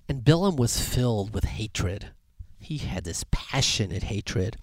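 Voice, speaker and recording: A man giving a sermon as a rabbi, telling anecdotes and jokes with lively voice shifts. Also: mid-range voice, unhurried, hardly any pauses, dry recording. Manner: animated storyteller, lively voice shifts.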